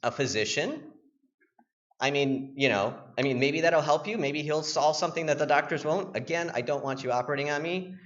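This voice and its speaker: A young man with a fairly high voice tells animated, joking stories from the stage of a tech conference. He talks casually and slips into little acted voices. The recording is dull and lo-fi. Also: fairly quick. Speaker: penetration tester giving a conference talk. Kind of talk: casual, storytelling conference talk. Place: conference room.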